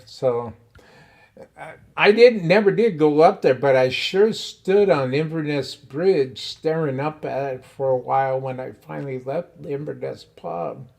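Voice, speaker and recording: Male host recounting a story, lively and chuckling, slow steady pace. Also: fairly high pitch, creaky. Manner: animated, laughs often while telling a story. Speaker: podcast host. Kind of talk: casual storytelling.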